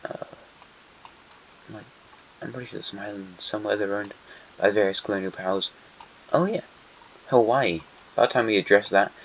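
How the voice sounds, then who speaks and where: A man's voice: lowish voice, slight background noise. A man hosting a casual map commentary, rambling, correcting himself often and dropping wry asides. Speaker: host. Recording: dull lo-fi sound.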